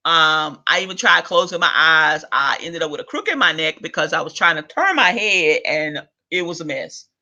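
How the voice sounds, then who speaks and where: A man's voice: on the high side, moderate pace, few pauses, bright, forceful tone, highs cut off. A man hosting a video rant, profane and exasperated, with chuckles between lines. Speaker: vlog host. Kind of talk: ranting monologue.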